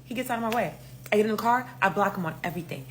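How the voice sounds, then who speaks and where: A young woman tells a story in a casual, animated way, swearing freely and talking directly to her viewers. Her voice sits at a middle pitch. A faint hum runs under the recording. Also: very fast. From New York. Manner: animated, profane, talks straight to viewers.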